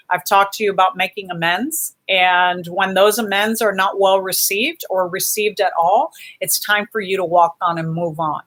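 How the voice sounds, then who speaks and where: A woman hosting a casual live stream, reading out viewer comments and gently encouraging her viewers. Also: mid-range voice.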